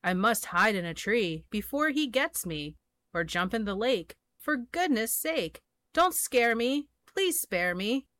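A woman's voice: a little high, sing-song, measured pace, a bit bright, dry recording. A woman reading a storybook aloud and voicing a timid male elephant who pleads and then giggles, in a dry close recording. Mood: frightened. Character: big timid male elephant, easily startled.

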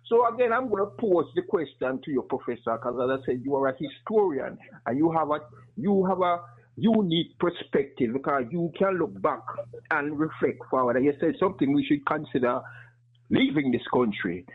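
A man's voice: on the high side, animated, normal speed, slightly rough. A man calling in to a radio show, posing an earnest, rhetorical question. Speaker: caller. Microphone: phone. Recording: tinny phone line.

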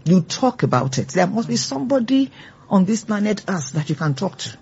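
A woman's voice: medium pitch, very animated, brisk, a little mellow, breathy edge, muffled recording. A woman leading a church Bible teaching, earnest and growing fervent as she exhorts her listeners. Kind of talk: church teaching with call-and-response.

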